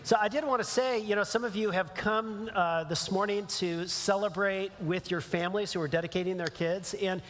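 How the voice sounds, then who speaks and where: A pastor giving a conversational sermon in a church, with casual fillers and restarts. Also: male voice, high-pitched, moderate pace, hardly any pauses, fairly bright tone, long reverb tail, a little hiss or hum. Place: church sanctuary.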